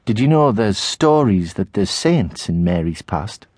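A man's voice: on the low side, big pitch swings, unhurried, a little mellow, no echo, studio quality. A male audiobook narrator voicing a stern, devout mother with a Tyneside accent who scolds her son. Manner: scolding, pious. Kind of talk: audiobook character voice.

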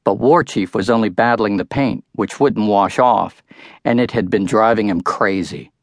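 A man's voice: on the low side, moderate pace, no room sound. An older man narrating his own book in a wry first-person storytelling manner, close to the mic. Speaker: author-narrator. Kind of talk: audiobook narration.

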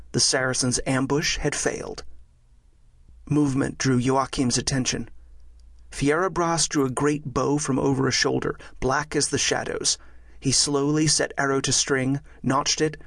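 Gravelly male audiobook narrator. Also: medium pitch, no echo, studio quality. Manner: measured, steady storytelling.

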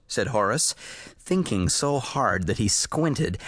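A man narrating an audiobook in a brisk storytelling manner. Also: fairly low pitch, no room sound, studio quality. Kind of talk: scripted narration.

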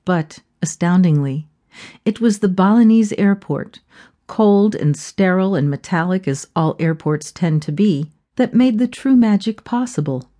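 A woman narrating a reflective audiobook in measured storytelling. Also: lowish voice, expressive, mellow.

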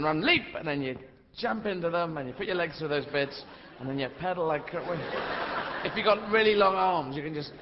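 A middle-aged man doing stand-up on a theatre stage, rambling and animated, with a pitch that leaps around constantly. His voice is a little high for a man and carries a long hall reverb. The recording sounds dull, and an audience is clearly audible behind him. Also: background noise. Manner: rambling, animated, puts on shouting old-lady voices. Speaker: stand-up comedian. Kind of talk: stand-up comedy routine. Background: audience laughter.

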